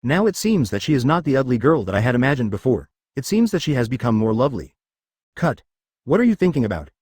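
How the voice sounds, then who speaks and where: A man reading the lines of a cold, arrogant, aloof boy ninja in a flat, machine-like way. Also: mid-range voice, quick pace, breathy edge, no room sound, studio quality.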